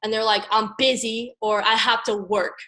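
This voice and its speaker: A young woman from Maryland giving an energetic motivational coaching talk, repeating "guys" and "okay" and acting out phone calls. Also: a little high, moderate pace, low-quality recording. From Maryland, USA. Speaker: network marketing team leader.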